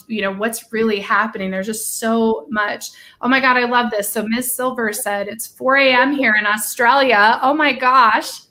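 A woman's voice: a little high, sharp tone. A woman co-hosting a casual livestream chat, gushing and talkative, with lots of "like". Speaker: livestream co-host.

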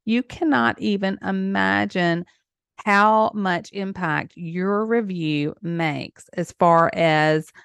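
A woman's voice: mid-range voice, takes it slowly, gravelly, a bit bright, smooth, dry recording. Effusive woman podcast host, dry sound. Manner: effusive and emotional, with small laughs. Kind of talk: solo podcast monologue.

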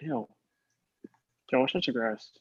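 A man's voice: mid-range voice, unhurried, breathy edge, lo-fi sound. A man in his twenties in a casual chat, blunt and dismissive, firing off short quips. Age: 20s. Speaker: podcast co-host.

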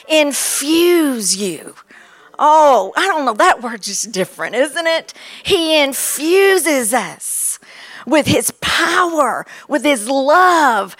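A woman in her fifties from Kentucky with a Kentucky accent, preaching a fervent sermon with exclamations and drawn-out words. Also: sits high, a bit bright.

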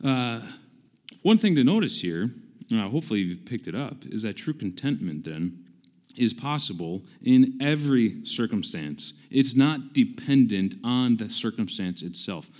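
A man's voice: medium pitch, sing-song, unhurried, a little mellow. A pastor in his forties preaching a conversational sermon, emphatic and self-deprecating, often repeating himself for stress. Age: 40s.

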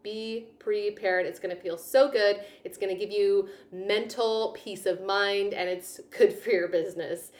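A woman's voice: medium pitch, fairly even intonation, measured pace, hardly any pauses. A woman hosting her own podcast, giving upbeat, chatty business advice. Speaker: podcast host. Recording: roomy echo.

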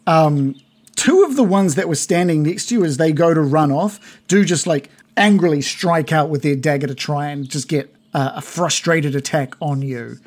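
A man's voice: fairly high pitch, moderate pace, a little mellow. A man running a tabletop game as game master, narrating in a rambling, giggly way with many fillers.

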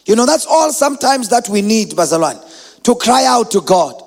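Male preacher, very high gravelly voice, chanted sermon delivery with shouted peaks, reverberant hall. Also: big pitch swings, moderate pace. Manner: chanting, sing-song preaching that rises to shouts.

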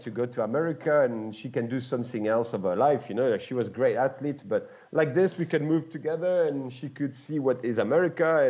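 French man telling stories, muffled sound. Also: mid-range voice. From France. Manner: animated, acts out voices in his stories, laughs often. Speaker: guest, former pro mountain biker. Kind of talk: casual storytelling.

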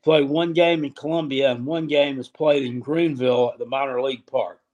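A man's voice: mid-range voice, steady tone, a little mellow. Guy cohosting a sports chat, lots of uh and restarts, sarcastic. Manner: halting, hesitant, sarcastic.

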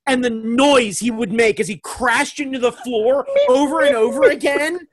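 A man in a casual comedic chat, talking excitedly and rambling, laughing often. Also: very high-pitched, moderate pace, a little hiss or hum.

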